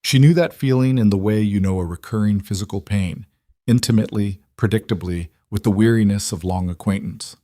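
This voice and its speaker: A man narrates a frontier story in a measured, even storytelling manner, and his voice sits on the lower side. The recording is dry and close, with no room sound. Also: no echo.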